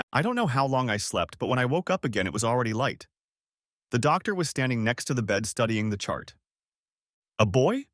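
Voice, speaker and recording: A man reading a first-person story aloud in a dramatic, expressive way. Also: medium pitch, brisk, dry recording, studio quality. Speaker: story narrator.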